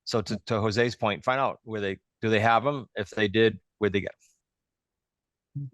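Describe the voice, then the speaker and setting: A man's voice: on the low side, normal speed, a bit bright, no echo. Host of a live coaching call, man, conversational explainer, dry close sound.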